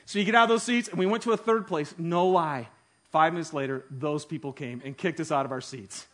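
A man preaching a sermon, telling stories with animated delivery that swings from hushed to loud. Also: a little high, a little fast. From Detroit. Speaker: pastor.

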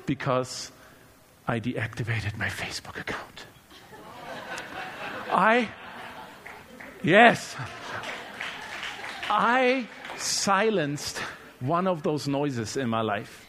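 High-voiced man preaching a casual sermon. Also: big pitch swings, very slow, pauses often, fairly bright tone. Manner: conversational and humorous, repeats words while searching.

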